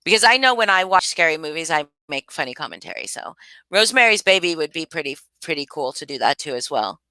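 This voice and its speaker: A woman's voice: low voice, expressive, quick pace, sharp tone, no echo. A woman hosting a casual live stream, rambling and thinking aloud as she answers viewers, often restarting her sentences. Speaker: livestream host.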